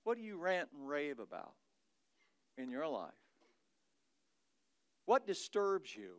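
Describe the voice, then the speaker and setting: Midwestern pastor, male, high smooth voice, dramatic scripture reading, dry close sound. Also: very animated, slow pace, no echo. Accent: Midwestern American. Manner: dramatic reading of scripture, swinging from loud to hushed. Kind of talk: sermon.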